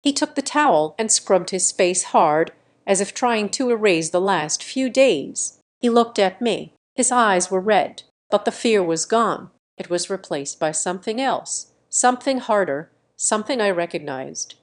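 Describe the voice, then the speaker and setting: A woman with a mid-range voice narrates a dramatic family story. Her reading is steady and scripted, carrying the tension without big swings. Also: mid-range voice, unhurried, hardly any pauses.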